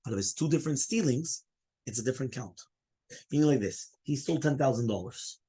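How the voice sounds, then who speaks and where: A man's voice: medium pitch, animated, fairly quick, mellow, slightly rough. A man who is a rabbi leading a Talmud study class, explaining step by step, fielding students' questions and often checking in with "right?".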